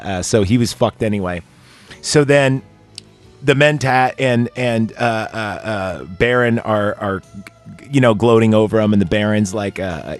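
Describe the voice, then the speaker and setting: A man hosting a casual chat, retelling a movie scene with lots of fillers and acting out the characters' lines. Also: on the low side. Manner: rambling with many fillers, acting out quoted lines. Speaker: podcast host.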